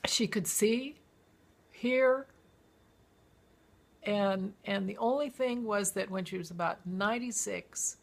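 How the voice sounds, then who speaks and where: A woman's voice: mid-range voice, vocal fry. A woman telling a story from her own memoir, acting out the people in it and breaking into song now and then. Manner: lively storytelling, acts out quoted voices and breaks into song. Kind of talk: reading a personal memoir aloud.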